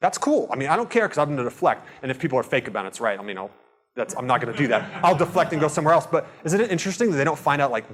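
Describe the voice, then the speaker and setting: Guy talking fast at a seminar, earnest, acts out convos, middle pitch. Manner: earnest, animated, acts out dialogues. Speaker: real estate seminar speaker. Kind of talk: live seminar talk to a room. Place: seminar room with audience.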